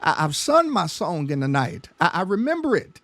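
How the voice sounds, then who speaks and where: A man's voice: sits high, sing-song, moderate pace, fairly bright tone, dry recording. A man pastor teaching a Bible study sermon, emphatic, often repeating words as his passion builds. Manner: emphatic, stammering repetitions, rising passion.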